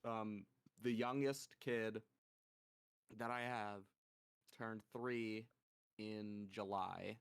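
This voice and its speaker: A young man chats on a podcast with a smooth, clear voice. He takes his time, swearing casually and breaking into laughter as he tells his stories. His pitch sits in an ordinary middle range. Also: fairly even intonation, very slow, pauses often. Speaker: podcast co-host. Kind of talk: casual chat.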